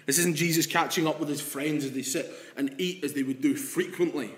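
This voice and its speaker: Preaching man in an echoey room. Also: a little high. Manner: shifts between hushed, slow quotes and rising emphatic passages. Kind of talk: sermon.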